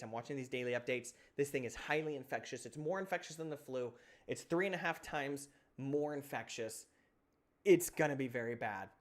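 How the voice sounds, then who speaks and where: A young man on a live stream, worked up and exasperated, firing off one question after another. His pitch sits in an ordinary middle range while the frustration carries the talk. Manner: heated, exasperated, rapid-fire questions.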